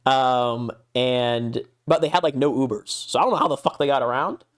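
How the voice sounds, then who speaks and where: A man holds forth on a casual podcast, his voice sitting at an ordinary middle pitch. He rants in an exasperated way and swears freely. His voice leaps high whenever he gets worked up. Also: moderate pace. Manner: exasperated ranting, heavy swearing, pitch jumps when worked up. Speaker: podcast co-host.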